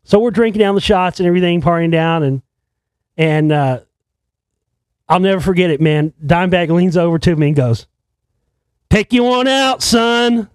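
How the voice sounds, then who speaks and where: A man's voice: fairly high pitch, brisk, a little mellow, no echo. A man who makes films tells a rambling, profane story in a casual way, often restarting his sentences. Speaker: filmmaker telling a story.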